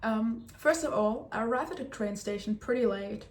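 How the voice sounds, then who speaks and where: A young woman from Germany, telling a travel story to her viewers in a lively, sassy way. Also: a little high, moderate pace, slight background noise. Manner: animated, sassy, acts out quotes. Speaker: travel vlogger. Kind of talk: casual storytelling to camera.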